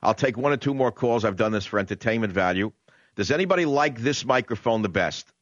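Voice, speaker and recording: A lower-pitched man with a New York accent holds forth as a talk radio host, brash and conversational. He stretches out words for emphasis, and the studio mic gives a dry, close sound with no room around it. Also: animated, a little fast, dry recording, lo-fi sound. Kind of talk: opinionated talk radio monologue. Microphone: studio condenser microphone.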